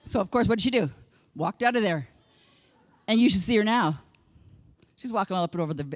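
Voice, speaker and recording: A woman from Canada giving a humorous keynote speech, an animated storyteller who acts out what people said. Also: a little high, fairly quick, pauses often, long reverb tail. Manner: animated storyteller acting out quotes. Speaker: keynote speaker. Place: large conference hall.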